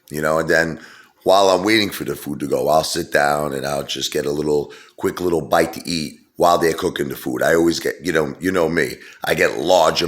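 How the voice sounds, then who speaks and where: Very deep-voiced man rambling. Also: a bit bright. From Brooklyn, New York. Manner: rambling, digressive, many fillers. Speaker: vlogger. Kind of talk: casual storytelling rant.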